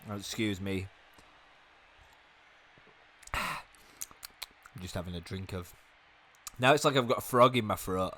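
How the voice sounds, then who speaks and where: Young man, hoarse, fast chatty commentator, a bit low, casual gaming commentary. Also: wildly swooping pitch, sharp tone. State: hoarse, losing his voice. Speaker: gaming YouTuber. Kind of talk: casual wrestling game commentary.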